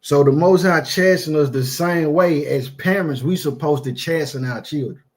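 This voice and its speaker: A man's voice: fairly high pitch, normal speed. A man preaching an informal sermon, emphatic and repetitive, with streetwise phrasing and frequent asides of "man".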